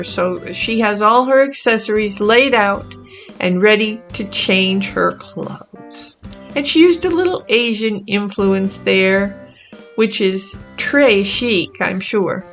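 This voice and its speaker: A woman with a medium-pitched voice hosts her own gaming channel, offering casual commentary as she plays a cozy life-sim game. She's gentle, chatty and easily amused.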